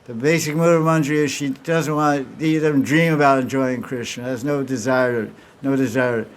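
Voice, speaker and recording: A man's voice: mid-range voice, fairly even intonation, normal speed. A man teaching at a devotional gathering, telling a story and acting out its dialogue, with many restarts. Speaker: spiritual teacher. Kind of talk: devotional lecture with questions.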